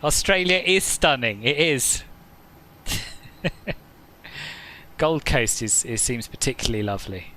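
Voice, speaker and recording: A man's voice: mid-range voice, expressive, unhurried, pauses often, sharp tone. A man hosting a flight simulator live stream, chatting casually, answering viewers' comments and laughing often.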